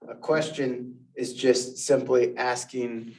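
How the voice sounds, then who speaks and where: A man in a class, explaining sales lines in a measured way and acting out the scripts. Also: mid-range voice, level tone, darkish tone. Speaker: class participant. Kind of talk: classroom discussion. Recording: echoey room, mic far off.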